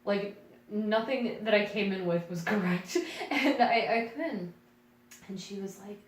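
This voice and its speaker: A young adult woman, a podcast co-host and actress, telling a casual story in a self-deprecating, animated way and laughing often. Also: mid-range voice, unhurried. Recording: echoey room, voice far from mic, faint noise.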